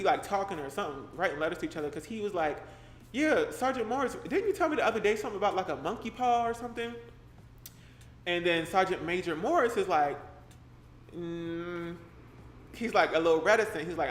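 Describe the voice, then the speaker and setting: Animated young man reading scary stories. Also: fairly high pitch. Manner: animated, slangy and joking, breaks off to react to chat. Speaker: live streamer reading a horror story. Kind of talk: story reading mixed with casual chat to live viewers. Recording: roomy echo with faint background noise.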